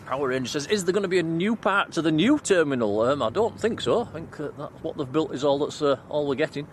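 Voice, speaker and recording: Man, chatty stream host, high voice, faint outdoor noise. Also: expressive, fast talker. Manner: chatty, thanks viewers by name. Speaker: livestream host. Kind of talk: live stream chat, reading comments. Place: outdoors at night near an airport.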